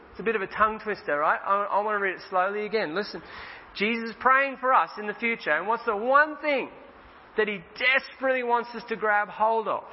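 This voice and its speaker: A high-voiced man preaches in a relaxed, chatty way and slows down to stress the scripture he reads. His voice carries a long reverb, as if from a church hall. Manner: casual, conversational preaching with slow emphatic scripture reading. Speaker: pastor. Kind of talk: sermon. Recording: dull roomy hall sound.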